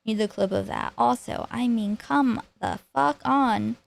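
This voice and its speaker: A woman's voice: on the high side, unhurried, gravelly. A woman streamer casually retelling online drama, rambling and restarting her sentences. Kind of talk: casual reaction commentary.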